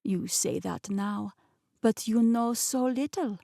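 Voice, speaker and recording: A woman voicing a scheming, smooth-talking man with a Russian accent, speaking in a slow, patronizing way. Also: on the high side, mellow, no echo, studio quality. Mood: persuasive.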